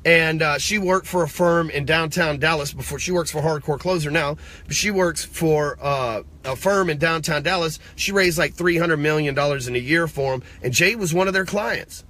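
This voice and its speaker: A man's voice: fairly high pitch, moderate pace, few pauses, fairly bright tone. A man giving blunt, profane money advice in a casual rant, speaking straight to the viewer and asking rhetorical questions. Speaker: business coach. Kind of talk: casual motivational rant to camera.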